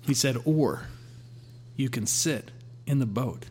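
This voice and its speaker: Man, storytelling testimony, mid-pitched voice, faint hum behind. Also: slow. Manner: storytelling, quotes God in a calm voice. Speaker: guest sharing a testimony. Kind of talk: conversational testimony.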